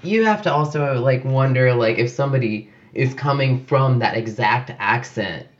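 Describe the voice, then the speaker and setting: A man co-hosting a casual book discussion podcast, animated and laughing often as he mimics voices. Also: mid-range voice, moderate pace. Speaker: podcast co-host. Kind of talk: casual chat. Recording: dull lo-fi audio.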